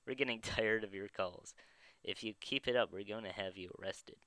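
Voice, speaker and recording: A man's voice: fairly low pitch, moderate pace, sharp tone, no room sound. A man voicing a weary, skeptical male campus security officer. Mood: exasperated. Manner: skeptical, exasperated.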